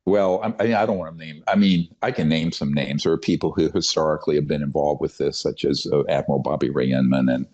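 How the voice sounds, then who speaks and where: A man's voice: very deep voice, fast, hardly any pauses, darkish tone. An older man giving a long interview answer, telling his story in an emphatic, conspiratorial way, often restarting his sentences with fillers. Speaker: podcast guest. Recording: dull, muffled podcast audio.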